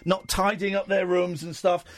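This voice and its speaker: A man hosting a radio phone-in in the studio, talking in an animated, emotional way. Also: moderate pace, dry recording. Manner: animated, warm and emotional, swings in pitch. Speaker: radio host. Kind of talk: late-night radio phone-in. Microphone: studio microphone.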